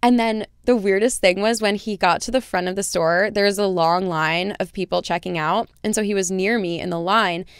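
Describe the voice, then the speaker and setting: A woman with a smooth, resonant voice reads a story on a podcast and then chats about it in a loose, animated way. She is close to the mic in a dry, dead room with no echo. Her pitch sits at an ordinary middle level for a woman. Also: normal speed, hardly any pauses. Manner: animated, conversational, lots of "like". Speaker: podcast host reading and discussing stories. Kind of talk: casual podcast chat and story reading.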